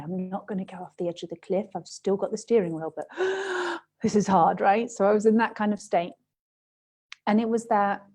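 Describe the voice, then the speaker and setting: Mellow-voiced woman, intimate spiritual talk. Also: mid-range voice. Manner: intimate, emotional storytelling with dramatized inner voices; speaks directly to the listener. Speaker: self-love teacher. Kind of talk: personal talk before a guided meditation.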